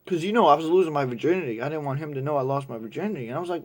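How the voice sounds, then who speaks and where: A young man tells a story in a loose, rambling way, swearing freely. His voice sits fairly high for a man. He gets animated whenever he imitates the people in the story. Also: rapid-fire. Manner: crude, rambling, animated when quoting others. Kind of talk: casual storytelling.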